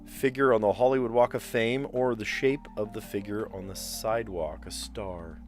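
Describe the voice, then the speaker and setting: Streamer, male, low voice, casual think-aloud puzzle talk, faint music underneath. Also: fairly even intonation, moderate pace. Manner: thinks aloud, muttering guesses; chatty with viewers. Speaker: streamer solving word puzzles.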